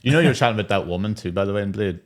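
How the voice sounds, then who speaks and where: Low-voiced man joking on a podcast. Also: animated, very fast. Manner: jokey, laughs often, acts out quotes. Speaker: podcast co-host and stand-up comic. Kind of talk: casual comedy chat.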